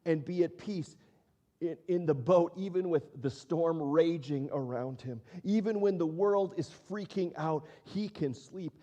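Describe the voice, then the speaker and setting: A man's voice: a little high, unhurried, hardly any pauses, warm tone, muffled recording. A man preaching a sermon in a church, talking in a conversational way, asking questions and repeating his words as he thinks. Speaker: pastor. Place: church auditorium.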